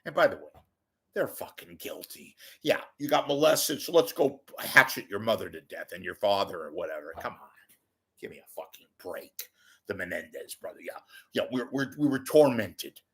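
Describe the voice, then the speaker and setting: A man's low voice, pushed and bright, comes at a moderate pace as he records commentary to camera in a home room with a TV monitor behind. The vlogger's delivery is jokey and digressive, full of swearing and sudden silly voices.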